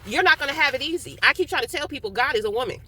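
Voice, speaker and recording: A woman's voice: sits high, lively intonation, racing, noisy background. A young woman talking candidly in a casual monologue. She swears freely, laughs often, and talks while eating. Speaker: vlogger.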